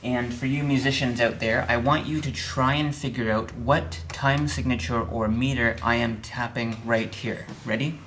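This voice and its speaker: A man's voice: medium pitch, steady tone, normal speed, few pauses, a bit bright, slight background noise. A man teaching an online music theory lesson at a piano, explaining step by step with dry humor and frequent checks of "okay?". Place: room with a piano.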